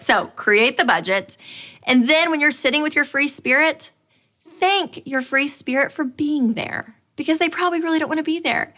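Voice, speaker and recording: A woman in her thirties teaching a money course, telling a personal story with lively acted-out quotes. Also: a little high. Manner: animated storyteller, acts out quotes. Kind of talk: storytelling talk to an audience.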